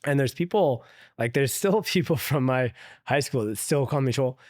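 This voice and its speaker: A man's voice: mid-range voice, normal speed, darkish tone, no echo, clean studio sound. A man, a guest on an interview show, telling a story casually, with lots of "like" fillers and frequent laughter. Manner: loose and chatty, heavy use of "like", laughs often. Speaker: interview guest, venture investor.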